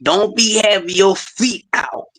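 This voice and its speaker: A man hosting a casual talk show, telling loud, profane stories and acting out the people in them. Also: high-pitched, takes it slowly, no room sound, rough recording. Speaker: podcast host. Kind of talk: casual chat.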